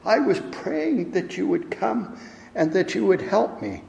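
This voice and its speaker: Brief: preacher doing a small lost girl, high and stammering, echoing around a large hall. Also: sing-song, unhurried, gravelly, a little mellow, lo-fi sound, exaggerated voice. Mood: earnest. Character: lost little girl, trusting and tearful. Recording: long echo of a large hall.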